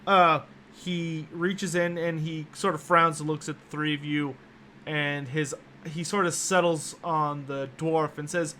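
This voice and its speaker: A man's voice: a little high, fairly even intonation, normal speed, pushed and bright, a little hiss or hum. A man narrating a tabletop game as game master, often stammering and restarting as he describes actions.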